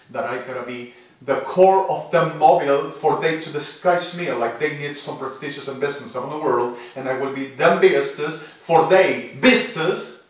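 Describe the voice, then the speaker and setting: Man, agitated rambling monologue, muttering to shouting, distant from the mic, echoey room. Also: mid-range voice. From Argentina. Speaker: vlogger. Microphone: phone camera.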